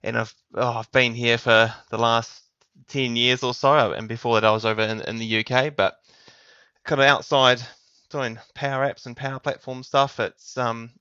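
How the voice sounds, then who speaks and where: Male guest, 30s, New Zealand accent, bright edgy tone, little pitch movement, dry muffled audio. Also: level tone, moderate pace, clean tone, no echo. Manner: friendly, laughs easily. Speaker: podcast guest. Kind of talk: casual interview chat. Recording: dull, dry lo-fi sound.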